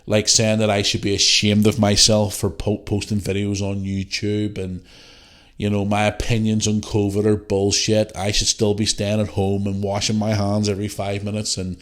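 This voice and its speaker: Man, lowish voice, casual podcast rant, blunt, lots of swearing. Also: monotone, normal speed. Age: adult parent. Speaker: podcast host. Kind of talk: casual solo podcast talk.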